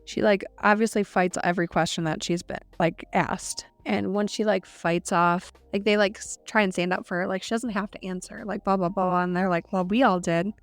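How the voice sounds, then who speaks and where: On a podcast about books, a female co-host with a medium-pitched, steady voice walks through a novel's scenes at a moderate pace with hardly any pauses. She peppers it with "like" and quotes characters. There's no echo in the recording.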